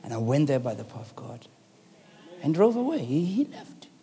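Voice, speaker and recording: A man preaching a sermon in a South African accent, telling a story and then rising into fervent shouted calls to the congregation. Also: mid-range voice, sing-song, moderate pace, creaky. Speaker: pastor. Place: church.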